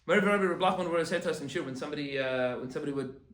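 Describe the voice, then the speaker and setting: A man, a rabbi, giving an animated Torah class and acting out quoted complaints. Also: fairly high pitch, rapid-fire, roomy sound.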